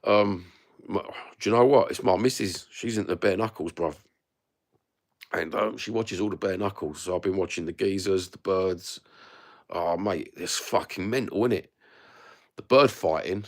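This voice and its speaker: A middle-aged man with a London accent hosts a livestream, reading the chat and ranting bluntly with free swearing as he talks casually to his live audience. His voice is low-pitched with fairly even intonation at a moderate pace, recorded on a phone.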